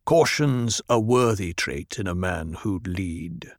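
Guy doing a grave stern tribal chief, low and flat, dry sound. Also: slow, dry recording. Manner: grave, commanding, low and even. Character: Stilgar, stern older male tribal chief.

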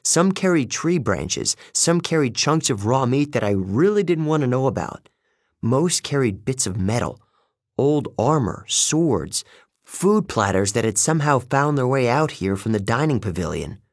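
A man narrating a first-person story in a measured, steady way, recorded close to the mic. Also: mid-range voice, dry recording. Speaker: audiobook narrator.

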